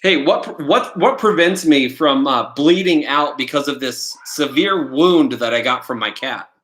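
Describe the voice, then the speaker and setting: A middle-aged test prep instructor speaks through a computer mic on a live stream, and the audio is poor. His voice is on the high side, expressive, a bit bright, and unhurried. He rambles casually through a quiz lesson, firing off questions to viewers.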